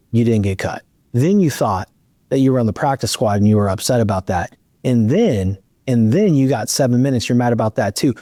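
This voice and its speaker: A man's voice: mid-range voice, no room sound. A middle-aged man hosting a podcast, telling a long story in a casual chat and acting out the dialogue. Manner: animated, acts out dialogue in his storytelling. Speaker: podcast host.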